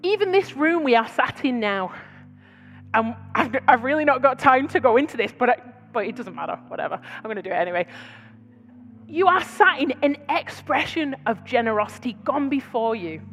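A British woman with a high voice preaches in a chatty storytelling manner, full of asides. Her voice rings out with the long reverb of a big hall, and soft music sits faintly underneath. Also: expressive, fairly quick. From Britain. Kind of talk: sermon. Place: large church hall.

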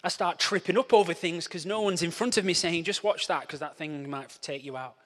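Young male preacher, playful and animated, high voice with long hall reverb. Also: a little fast. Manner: playful, animated, acts out scenes with quoted voices. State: out of breath after a race. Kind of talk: lively sermon with jokes.

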